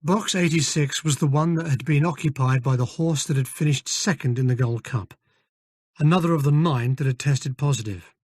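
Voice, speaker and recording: Male audiobook narrator, measured first-person telling, fairly high voice, dry booth sound. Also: a little mellow, dry recording. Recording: dry close studio recording.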